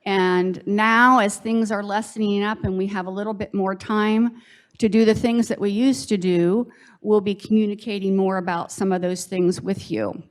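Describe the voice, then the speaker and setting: A woman's voice: medium pitch, steady tone, normal speed. Reassuring woman giving a health update. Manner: friendly, reassuring, with fillers. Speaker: health services staff. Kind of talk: town hall update.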